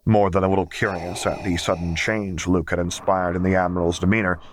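A man narrating a fan fiction audiobook in a steady, measured storytelling manner. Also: deep voice, slight background noise. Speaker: audiobook reader.

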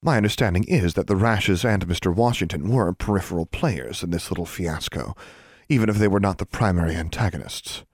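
Icy strict headmistress type, low and husky, soft threats, read by a guy narrator. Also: brisk, no echo, studio quality. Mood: cold, menacing. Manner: icy, quiet and menacing, clipped commands. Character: cold stern female school dean, commanding.

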